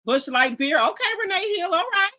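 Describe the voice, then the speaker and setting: A woman hosting a casual livestream from home, greeting viewers in the chat by name and bursting into loud exclamations, eating while she talks. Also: very high-pitched, animated, normal speed. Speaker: livestream host. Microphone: streaming from home.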